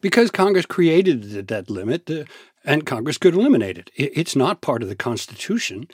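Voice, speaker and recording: Husky measured man explaining politics. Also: fairly high pitch, very animated, no echo. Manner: measured, explanatory, dry asides. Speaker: senior political editor and correspondent. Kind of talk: radio news interview answers.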